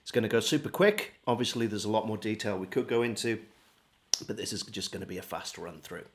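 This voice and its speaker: A man giving a relaxed, step-by-step beginner harmonica lesson. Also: lowish voice, a little fast. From England. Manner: friendly, relaxed step-by-step demonstrating. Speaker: harmonica teacher. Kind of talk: casual video lesson.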